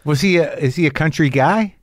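A man's voice: a little high, no echo, clean studio sound. A man hosting a podcast, asking curious follow-up questions in casual conversation. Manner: curious, quick follow-up questions and short backchannels. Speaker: podcast host. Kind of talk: casual interview.

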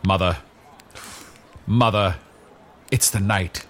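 A man's voice: sits low, fairly even intonation, slow, a bit bright, a little hiss or hum. A man playing a hammy actor who declaims melodramatic monologues in an improv comedy scene. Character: hammy male actor doing dramatic monologues.

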